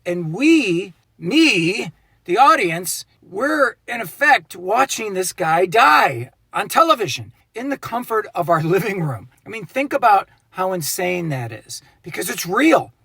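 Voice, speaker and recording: A man's voice: high-pitched, big pitch swings, a little slow, a bit bright, husky, no echo. A man delivering an indignant, sarcastic rant as a video commentator, swearing often. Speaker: YouTube commentator. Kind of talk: ranting monologue.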